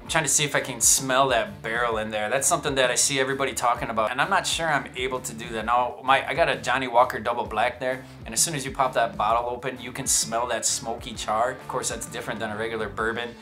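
Bright-voiced man reviewing whiskey. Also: medium pitch, fairly even intonation, fast, hardly any pauses, soft background music. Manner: chatty, self-amused, joking asides. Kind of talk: casual tasting review. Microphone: shotgun microphone.

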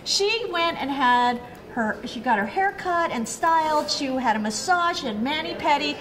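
A woman co-hosting a live show, chatty and quick with laughs and agreement. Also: high-pitched, animated, a bit bright. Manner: chatty, lots of backchannel, laughs often. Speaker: co-host.

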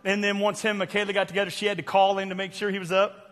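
Older male Southern preacher, high bright voice, fiery sermon in a reverberant sanctuary. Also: completely flat delivery, rapid-fire. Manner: loud, preachy, sudden shouts and quiet asides. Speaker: pastor. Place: church sanctuary. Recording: long church hall reverb.

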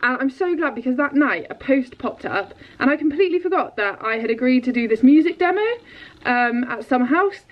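A young woman, a dressage rider and vlogger, chatting in an excitable, rambling way to her viewers. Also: high-pitched, a little fast. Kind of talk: casual vlog chat. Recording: dull lo-fi sound.

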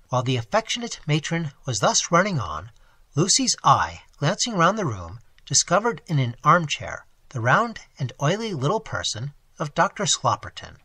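A man narrating a classic novel as an audiobook, telling it in an expressive, animated way. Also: fairly high pitch, moderate pace, husky, no echo. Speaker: audiobook reader.

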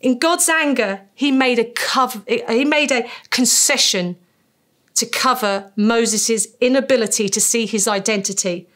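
British woman, preacher, sermon, fairly high-pitched, emphatic. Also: a bit bright. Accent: British English. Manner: emphatic, slows down to stress key phrases.

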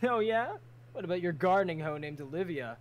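A woman's voice: lowish voice, lively intonation, a little fast, lightly acted. A woman voicing a sardonic young man who talks in a dry, teasing way.

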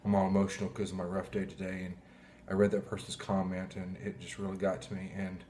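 Heartfelt low-voiced man preaching. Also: completely flat delivery, a little mellow, slight background noise. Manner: heartfelt, halting, clears throat often. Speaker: pastor. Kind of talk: emotional sermon.

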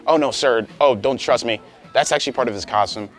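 A man's voice: medium pitch, brisk, soft background music. A young man hosting a prank video, talking casually and pleading in a playful, provocative way.

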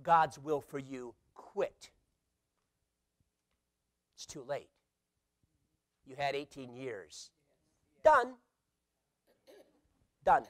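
A middle-aged male pastor preaching a sermon, swinging from hushed asides to loud emphatic calls and playfully acting out quoted voices. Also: medium pitch, fairly even intonation, very slow, pauses often.

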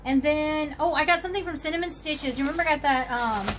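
A chatty woman with a high, bright voice rambles happily to her viewers, full of little exclamations as she rummages through things. A faint hiss of background noise sits under her talk. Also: quick pace. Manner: chatty, bubbly, talks to viewers while rummaging. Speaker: crochet channel host. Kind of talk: casual show-and-tell vlog.

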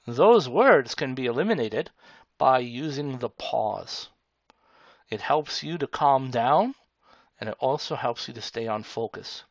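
A man teaching a tutorial, speaking slowly and deliberately. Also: a little high, no echo. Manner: slow, deliberate, demonstrative. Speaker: speaking instructor. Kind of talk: tutorial explanation. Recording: dull lo-fi sound.

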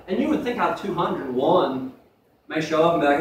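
A man's voice: high voice, lively intonation, quick pace, a little hiss or hum. A young man preaching a sermon in a conversational way, with asides, in a church sanctuary. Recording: echoey room from far off.

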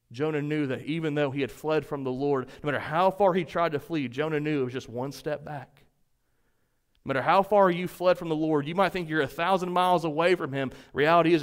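A man preaching a sermon, talking straight to the congregation and swinging between loud passages and hushed ones. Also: high voice. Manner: folksy, addresses congregation directly. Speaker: pastor.

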